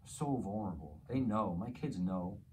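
A man in his forties with a low voice talks openly as a podcast guest. He is frank and profane, and his voice rises sharply when he vents. A faint hum of room ambience sits behind him. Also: expressive, normal speed, dark tone, poor audio. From New Jersey. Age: 40s. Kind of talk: candid casual chat.

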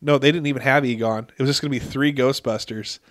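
A man hosting a casual podcast, relaxed and easily amazed by trivia his co-host shares. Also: medium pitch, quick pace, no room sound, clean studio sound. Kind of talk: casual chat.

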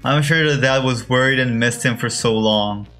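A man's voice: medium pitch, moderate pace, pushed and bright, faint music behind. A young man from Korea, reacting on video with emotional exclamations and gasps. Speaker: YouTube reactor.

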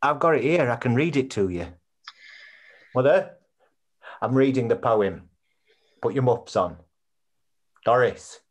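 A man's voice: mid-range voice, very animated, fast talker, few pauses. An actor playing a chatty son planning a funeral, blunt and earnest, always checking with his mother. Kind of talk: comedy series acting on a video call.

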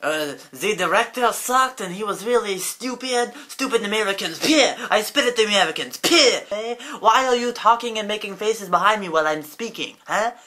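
A man's voice: high voice, lively intonation, moderate pace, hardly any pauses, pushed and bright, a little hiss or hum, voice pushed up. A man putting on an indignant, mock-foreign rant as a scornful male film director.

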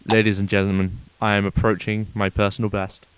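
A man playing a pompous, excitable sports announcer in mock commentary over a video game, with formal announcer phrasing, recorded on a noisy home mic. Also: extremely high pitch, fast talker, voice pushed up, heavily acted. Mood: hushed commentary. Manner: formal announcer phrasing, shouts at near misses.

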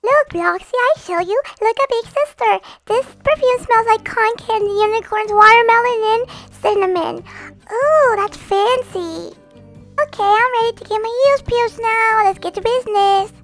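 Very high bright girlish voice. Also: moderate pace, faint music behind. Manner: excitable and dramatic. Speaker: roleplaying the older daughter. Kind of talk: family game roleplay.

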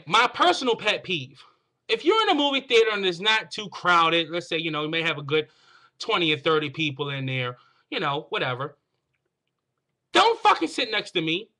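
A man's voice: extremely high pitch, bright, forceful tone. A man hosting a comedic video, ranting to the camera in a profane, exasperated way. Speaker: host.

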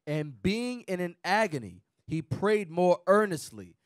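A man with a somewhat raised pitch reads old-style scripture aloud in a Bible class, steady and measured, stumbling now and then. The recording is dry and close. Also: clear, resonant tone, no echo.

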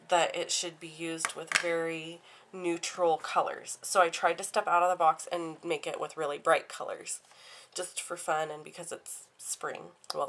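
Woman craft demonstrator, low voice, stuffy and a bit winded, chatty with plenty of ums. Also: fairly bright tone. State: stuffy and a little out of breath from flu. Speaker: card-making demonstrator. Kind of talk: casual craft tutorial.

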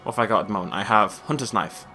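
A man's voice: on the low side, rapid-fire, pushed and bright, soft background music. A man giving casual, chatty gameplay commentary, wry and talking to himself as he plays. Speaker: let's play gamer.

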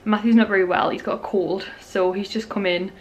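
A woman's voice: mid-range voice, fairly even intonation, fairly quick, slight background noise. Chatty young woman vlogging at home. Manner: chatty and rambling, lots of "like" and "um". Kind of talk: casual home vlog chat. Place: at home, indoors.

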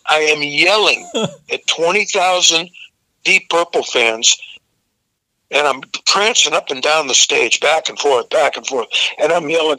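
Older man, rock singer, very bright tense tone, dry close sound, profane animated storyteller. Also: fairly high pitch, a little slow, no room sound, low-quality recording. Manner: profane, animated anecdote-telling with restarts. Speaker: rock singer, interview guest. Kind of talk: casual interview storytelling.

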